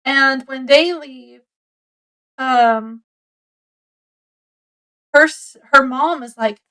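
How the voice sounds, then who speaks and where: A woman with a high voice chats through a book review at an unhurried pace. She rambles as she retells the story, filling it with likes and ums. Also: bright, forceful tone, poor audio.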